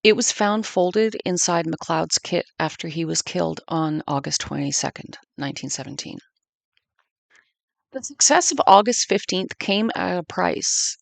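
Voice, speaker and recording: A woman's voice: fairly low pitch, gravelly, no room sound. A woman in her fifties narrating a family war history in an earnest, reflective way. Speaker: podcast narrator.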